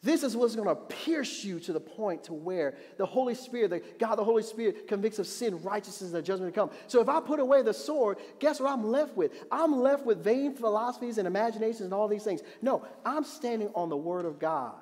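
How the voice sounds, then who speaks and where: High-voiced preaching man in a hall. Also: a little fast, hardly any pauses. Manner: animated preaching, rising to emphatic repeated refrains. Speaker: pastor. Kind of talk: sermon. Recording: long reverb of a hall.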